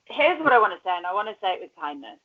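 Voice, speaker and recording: A woman's voice: medium pitch, sing-song, very fast. A woman co-hosting a podcast, chatting casually about reality TV, laughing often and cursing now and then. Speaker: podcast co-host. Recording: dull lo-fi sound.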